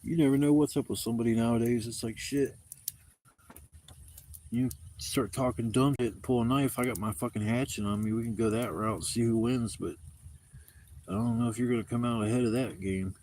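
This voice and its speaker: A man's voice: medium pitch, steady tone, brisk, a little mellow, a little hiss or hum. A man livestreaming from his outdoor campsite, telling rambling, profanity-laced stories in a casual way. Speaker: camping livestreamer.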